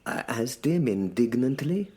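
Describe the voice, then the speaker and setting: Man narrating a comic audio serial, dry and sardonic, unhurried with a swinging, lively pitch. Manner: dry, deadpan, sardonic storytelling. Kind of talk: comic first-person drama narration.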